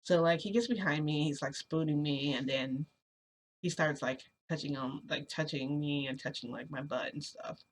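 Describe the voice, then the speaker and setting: A woman's voice: deep voice, normal speed, a little hiss or hum. A woman telling a personal story in a casual, rambling way, full of fillers. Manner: rambling, lots of fillers like "like" and "you know". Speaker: storytelling vlogger.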